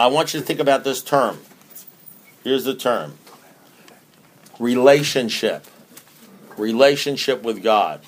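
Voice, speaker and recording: Plainspoken man giving a recovery talk. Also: medium pitch. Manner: conversational, repetitive, earthy and emphatic. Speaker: recovery meeting speaker.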